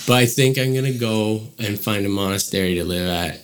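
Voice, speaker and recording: A man's voice: medium pitch, sing-song, moderate pace, a bit bright. A man casually telling a personal story as a guest, rambling with many fillers and acting out quoted dialogue.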